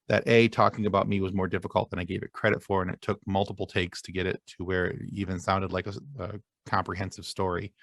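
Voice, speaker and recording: A man's voice: sits low, fairly bright tone, no room sound, clean studio sound. A man guest on a podcast, talking casually in a rambling, self-deprecating way. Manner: rambling, many fillers and restarts, self-deprecating. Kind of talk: casual interview chat.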